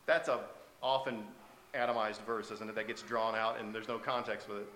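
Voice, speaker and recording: A man's voice: fairly low pitch, flat delivery, moderate pace, fairly bright tone, slight background noise. Man preaching a sermon in an echoey church. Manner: conversational, asks the congregation questions. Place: church sanctuary.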